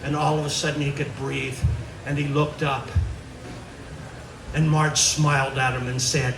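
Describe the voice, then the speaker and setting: A man performing a stand-up storytelling set, animated as he acts out the tale. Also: medium pitch, measured pace, long pauses. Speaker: comedian. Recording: echoey stage from far off with noise.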